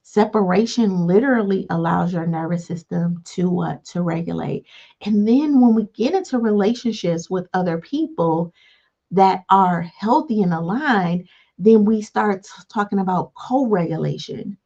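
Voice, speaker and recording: A woman coaching listeners on healing, often pausing with "all right" between points. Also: medium pitch. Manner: repeats "all right" between points, acts out calm replies. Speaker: life coach. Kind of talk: motivational teaching talk. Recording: dull lo-fi sound.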